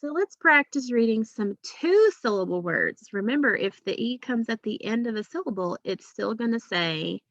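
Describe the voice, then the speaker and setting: A woman's voice: on the high side, animated, moderate pace, few pauses, fairly bright tone, dry recording, highs cut off. A woman teacher giving a phonics lesson to young children, patient and drawing out each sound.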